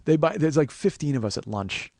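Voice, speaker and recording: Gravelly-voiced comic in his forties, podcast host spinning a profane, rambling yarn; dry, close sound. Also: fairly high pitch, brisk, no echo. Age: 40s. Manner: profane, rambling, animated storyteller. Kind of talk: comedic storytelling monologue.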